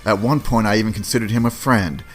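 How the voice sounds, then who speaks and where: A man voicing a calm, cold-blooded alien general who never raises his voice, speaking quietly and evenly. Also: lowish voice, fast talker, natural voice. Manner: quiet, even, restrained menace.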